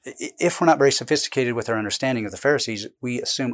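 A man being interviewed about his book, explaining at length in a casual, animated way, jumping between points and restarting sentences. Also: medium pitch. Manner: animated, digressive, quick bursts with restarts. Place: indoors with a camera close by.

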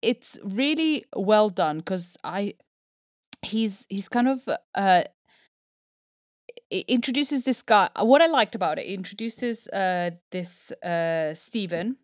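A woman co-hosting a podcast in casual chat, chatty and animated, her pitch jumping up when she gets excited. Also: slow pace, no echo, studio quality. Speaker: podcast co-host.

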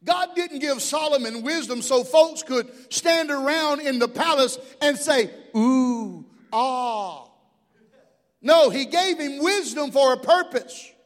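A man's voice: very high voice, unhurried, few pauses. A middle-aged man pastor preaching a sermon in a church, impassioned, with call-and-response asides. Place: church sanctuary. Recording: long hall reverb.

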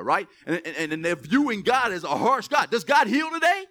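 A man's voice: high voice, sing-song, normal speed, few pauses, bright, forceful tone. A man preaching a sermon in a conversational way, often laughing and checking in with the congregation. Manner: conversational, laughing, keeps asking "right?". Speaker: pastor.

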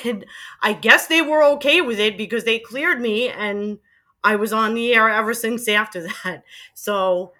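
A woman's voice: on the high side, measured pace, pushed and bright. A middle-aged woman with a Queens, New York accent, chatting casually in an interview about her radio days, laughing often as she remembers. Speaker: guest, former college radio DJ.

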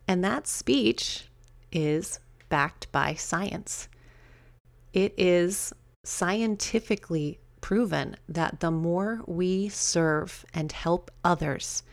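A middle-aged woman hosting her own podcast, talking casually and chattily with quick asides and laughs at herself. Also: lowish voice, creaky, dry recording. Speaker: podcast host. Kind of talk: casual solo podcast talk.

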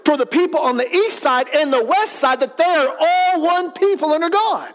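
A pastor preaching a sermon in a church, animated, his voice swelling to shouts for emphasis. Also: extremely high pitch, moderate pace. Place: church sanctuary.

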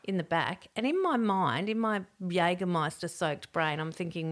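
A middle-aged woman, telling a story in casual chat, animated and laughing as she acts out quotes. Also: lowish voice, normal speed.

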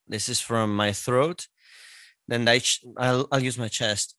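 A man with an Italian accent, a singer and voice teacher, explaining things in a casual podcast chat, pausing often with fillers. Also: medium pitch, a bit bright, smooth, no room sound. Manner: explanatory, hesitant with many fillers.

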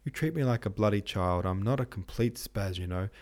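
A man's voice: lowish voice, brisk, a little mellow, close to an everyday voice. A man voicing a petulant, tearful young princess, pleading and whiny. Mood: upset.

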